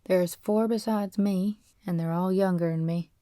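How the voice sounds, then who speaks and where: A woman's voice: fairly low pitch, steady tone, a little slow, mellow, dry recording, studio quality, natural voice. A woman reading an audiobook voices a poor, defiant teenage farm boy who runs away, speaking in earnest folksy backcountry grammar. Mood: brooding.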